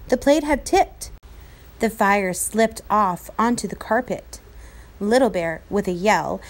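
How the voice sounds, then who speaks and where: A woman teacher reading a novel aloud to her class, clear and expressive. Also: on the high side.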